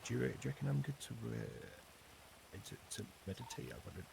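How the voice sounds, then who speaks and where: A man's voice: mid-range voice, normal speed, gravelly, background noise. A man playing an arrested suspect in a roleplay, blunt, laid back and swearing freely. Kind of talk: in-character roleplay chat.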